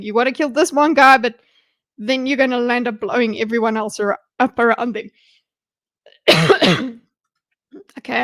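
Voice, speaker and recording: A woman streamer with a slightly high voice chats casually while breaking down a debate. She reads lines aloud, mutters notes to herself and drops joking asides. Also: a bit bright. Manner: chatty, muttering asides while reading along. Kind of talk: casual livestream commentary.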